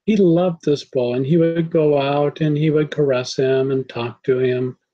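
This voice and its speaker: A man giving a spiritual talk, calm, measured and devotional. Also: on the high side, highs cut off. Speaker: spiritual teacher. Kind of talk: sermon.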